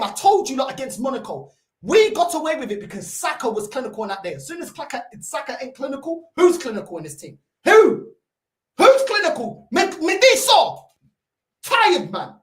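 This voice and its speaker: A woman with a London accent hosting a football fan stream, ranting heatedly, shouting and swearing, and dropping into Portuguese curses. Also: high voice. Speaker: football fan channel host. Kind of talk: ranting live-stream reaction. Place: room at home by a computer. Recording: roomy echo.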